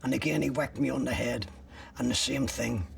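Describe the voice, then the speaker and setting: A man's voice: medium pitch, steady tone, normal speed, creaky, recorded from a distance. An older man, recounting a personal ordeal as an interviewee in blunt, graphic words with swearing.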